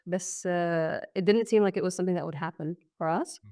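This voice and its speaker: A woman in her thirties from Syria tells her story as a podcast guest. Her voice sits slightly low and comes across smooth and clean. She talks casually and reflectively, leaning on plenty of fillers. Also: fairly quick, dark tone. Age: 30s. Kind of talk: personal testimony in conversation.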